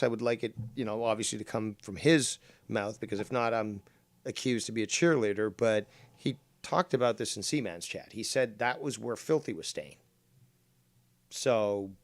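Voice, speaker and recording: A man's voice: medium pitch, dry recording. Male drama streamer, casual rambling commentary, sarcastic and foul-mouthed, dry close sound. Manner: rambling, sarcastic, swears freely.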